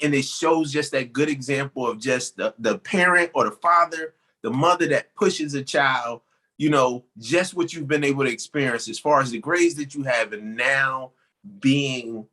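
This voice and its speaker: A man hosting an interview, affirming his guest and asking measured questions. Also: mid-range voice, fairly bright tone. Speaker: interview host.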